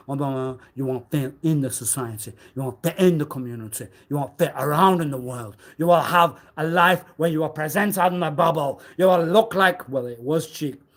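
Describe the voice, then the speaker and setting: A livestreamer delivers a rambling, accusatory monologue, swinging between loud outbursts and low muttering.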